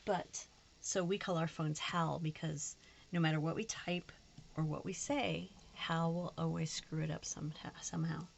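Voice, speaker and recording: A woman's voice: sits low, steady tone, unhurried, creaky, a little hiss or hum. A woman chatting casually to camera while she decorates her planner, frank and a little frustrated. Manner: chatty, frustrated, slips into put-on voices. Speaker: planner vlogger.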